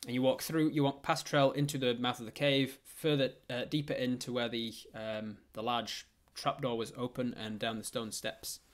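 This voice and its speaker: A man's voice: mid-range voice, little pitch movement, moderate pace, few pauses. A man narrating a tabletop game as game master, rambling with frequent fillers and restarts.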